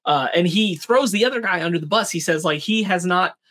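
A man's voice: sits high, a little fast, pushed and bright. A man co-hosting a casual TV review podcast, walking through plot points and recounting the characters' dialogue. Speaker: podcast co-host.

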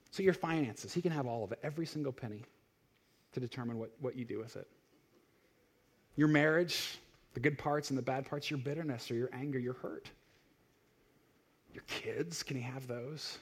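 A man's voice: fairly high pitch, moderate pace, darkish tone, breathy edge. A male pastor giving a sermon in an emphatic style, full of searching rhetorical questions.

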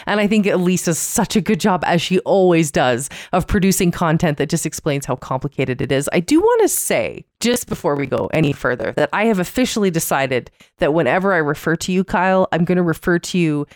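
A woman's voice: fairly low pitch, animated, a little fast, few pauses, no room sound, clean studio sound. A woman in her thirties co-hosting a casual podcast, chatty and playfully teasing. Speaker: podcast co-host.

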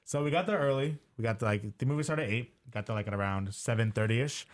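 Give me a young man co-hosting a sports chat, an animated storyteller. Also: medium pitch, fast. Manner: lively storyteller with frequent fillers. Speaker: podcast co-host.

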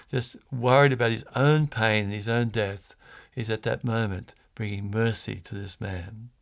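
Male priest, gravelly voice, sermon; storytelling delivery, restarts and fillers. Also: mid-range voice.

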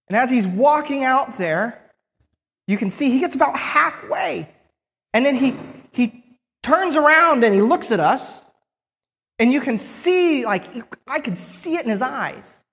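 A preacher retelling a Bible story in the first person, with frequent restarts and pauses. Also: high-pitched, a bit bright, big-room sound.

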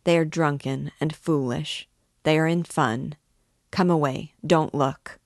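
A woman doing a gentle, calming father. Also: low voice, slow, dry recording, clean studio sound. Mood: soothing. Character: calm, gentle father soothing his son.

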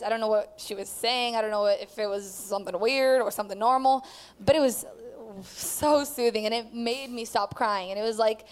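A woman telling her personal testimony at church, rambling with many fillers as she tells the story. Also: on the high side. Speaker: student giving testimony.

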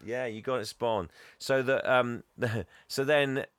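A man's voice: medium pitch, measured pace, fairly bright tone, smooth, no room sound. A man recapping a movie in casual chat, laughing often and rambling as he retells scenes. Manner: laughing, rambling storyteller, acts out characters. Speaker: podcast co-host.

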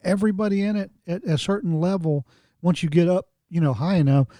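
A man's voice: sits high, fairly even intonation, a little fast, mellow, no room sound, clean studio sound. A man in his fifties, a podcast guest, speaking bluntly and emphatically in casual conversation.

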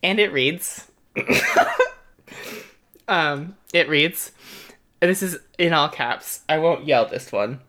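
A woman co-hosting a casual podcast chat, relaxed and amused, reading out reviews. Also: low voice, extremely slow, pauses often. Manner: relaxed, amused, laughs often. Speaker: podcast co-host.

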